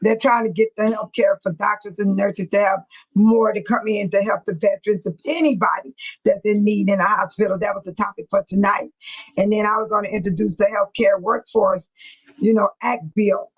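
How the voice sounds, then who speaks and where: A woman's voice: medium pitch, steady tone, brisk, breathy edge, rough recording. A woman hosting a casual livestream, emotional and preachy, reading viewer comments aloud. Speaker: livestream host.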